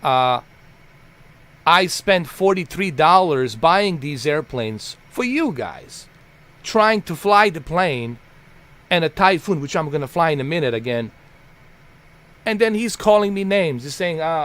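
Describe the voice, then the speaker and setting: On a live stream, a man rants at his chat bluntly and profanely, clearly heated. His somewhat high, slightly bright voice swings widely in pitch as he hammers his points, animated but unhurried, often repeating himself for emphasis.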